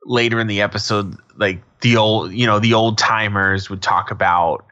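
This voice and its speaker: Bright-voiced rambling podcast man. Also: lowish voice, steady tone, normal speed, muffled recording. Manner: rambling, digressive, laughs often. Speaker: podcast co-host. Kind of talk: casual chat recapping a TV episode.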